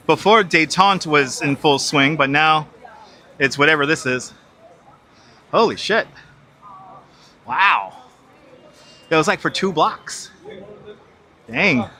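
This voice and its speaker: A live streamer walking busy city streets outdoors gives casual, swearing, exasperated running commentary about the crowds, recorded on a wireless lapel mic. He is a man with a high-pitched, very bright, cutting voice.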